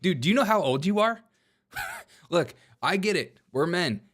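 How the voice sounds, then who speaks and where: A man's voice: high-pitched, big pitch swings, unhurried, fairly bright tone, breathy edge. A man hosting a comedic political commentary show, joking and mocking with frequent laughter. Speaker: host.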